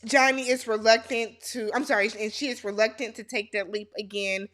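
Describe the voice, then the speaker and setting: A woman's voice: on the high side, steady tone, fairly quick, a bit bright. A woman host giving a casual, sassy and blunt recap of a reality TV episode.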